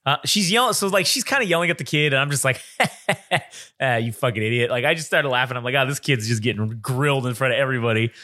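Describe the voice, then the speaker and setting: Here a young man with a mid-range voice talks fast, co-hosting a laid-back podcast. He spins animated stories and acts out the voices of the people involved.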